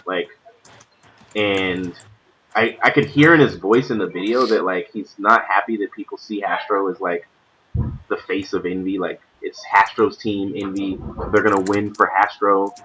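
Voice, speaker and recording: Low-voiced young man hosting a stream. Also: normal speed, pushed and bright, slight background noise, rough recording. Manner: rambling, many fillers. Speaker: stream host. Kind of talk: casual gaming chat. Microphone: voice call.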